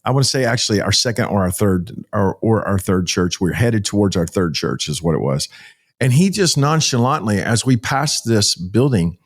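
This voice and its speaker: A pastor, a man from Texas, telling a story as a podcast guest in a folksy, animated way. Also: fairly low pitch, moderate pace. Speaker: pastor and ministry founder, guest.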